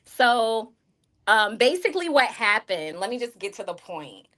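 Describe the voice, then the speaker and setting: A woman's voice: a little high, very animated, a little slow, a bit bright. A woman streamer telling a personal story to her chat in a frank, rambling way, full of fillers and asides to her viewers. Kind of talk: candid livestream storytelling.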